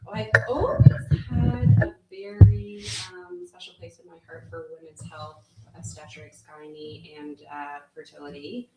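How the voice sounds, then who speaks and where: Brief: young female guest, low voice, friendly and soft-spoken, echoey room. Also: unhurried, hardly any pauses, music in the background. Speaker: physician assistant, guest. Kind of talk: casual interview answers. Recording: roomy echo.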